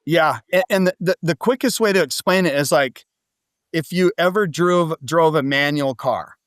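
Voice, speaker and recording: A man with a slightly higher voice, talking casually as a podcast guest. He tells stories in a loose, animated way, full of asides and quick questions. The sound is dry and close to the mic. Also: no echo. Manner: animated storytelling, frequent "like" and "right?". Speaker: podcast guest, business coach. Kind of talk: casual interview talk.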